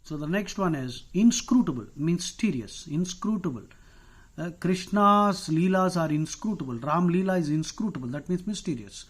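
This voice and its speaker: A man's voice: on the high side, expressive, moderate pace, breathy edge. Chatty Indian man teaching vocabulary. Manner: digressive, chatty, frequent "uh" fillers. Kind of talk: casual explanatory lesson.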